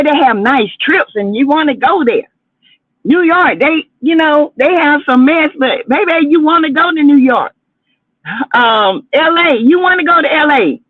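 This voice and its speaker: A woman's voice: sits high, dry recording. Sassy woman gossiping on a livestream. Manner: sassy, chatty, dramatic asides. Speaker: livestream host. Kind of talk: casual gossip commentary livestream. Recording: tinny phone-like audio.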